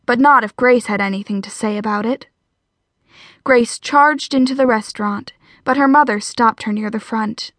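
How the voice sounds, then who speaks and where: A woman narrating a romance audiobook in a steady, even storytelling voice. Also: on the high side, normal speed, no echo. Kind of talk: scripted narration.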